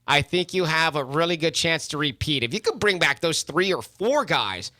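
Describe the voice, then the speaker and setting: A man hosting a sports talk radio show, playful and chatty. His voice sits a bit high and rings bright. The studio sound is dry and close. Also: very animated, normal speed, no room sound. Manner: chatty, playful, leads the discussion. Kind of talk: casual sports radio chat. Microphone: studio mic.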